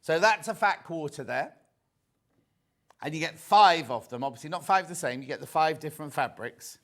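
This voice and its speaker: A man's voice: on the high side, lively intonation, moderate pace, a bit bright. A chatty man presenting a live sewing shopping show, repeating himself and chatting with his guest. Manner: chatty, repeats himself, reads viewer messages. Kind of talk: live sales chat.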